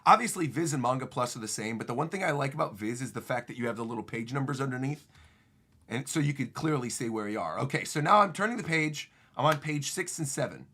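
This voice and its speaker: A man streaming a casual manga reaction, excited and often laughing as he reads lines aloud. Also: mid-range voice, slightly rough.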